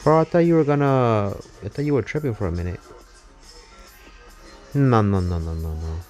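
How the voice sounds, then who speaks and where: Excitable swearing man streaming a game. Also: on the low side, moderate pace. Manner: excitable, swearing, rambling, self-mocking. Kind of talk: casual live gameplay commentary. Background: faint game music.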